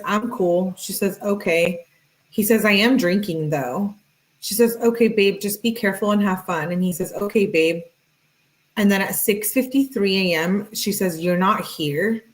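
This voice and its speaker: A woman streamer reading text messages aloud, breaking in with sarcastic comments and thanking viewers in the chat. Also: medium pitch. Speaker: true crime streamer.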